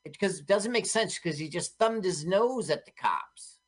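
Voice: medium pitch, lively intonation, moderate pace, breathy edge. A co-host chatting casually and joking while narrating a movie's plot aloud on an internet radio show. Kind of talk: casual movie riffing chat.

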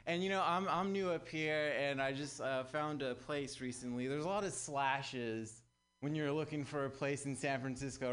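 A man's voice: fairly high pitch, a bit bright, a little hiss or hum. A young man from Southern California performing a stand-up comedy set, talking wryly and conversationally to a live audience. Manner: conversational, wry, addresses audience as guys.

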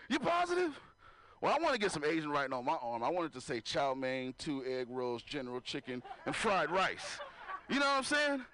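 A man's voice: sits high, pushed and bright, dry recording. A man doing a stand-up comedy set, talking loosely with the crowd and laughing at his own jokes. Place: live comedy venue with audience.

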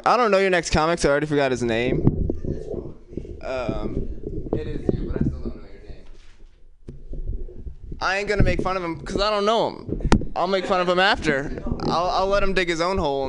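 A man emceeing a comedy night, his voice on the higher side. He talks in crude, laughing asides, and heavy room noise sits under everything he says. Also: lively intonation, moderate pace, long pauses. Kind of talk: stand-up banter and introductions. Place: comedy club stage.

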